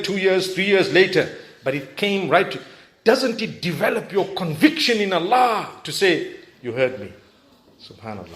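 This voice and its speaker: Male preacher, high voice, chatty storytelling sermon, recorded in an echoey hall. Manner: conversational and animated, with frequent asides to the audience. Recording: echoey hall, faint background noise.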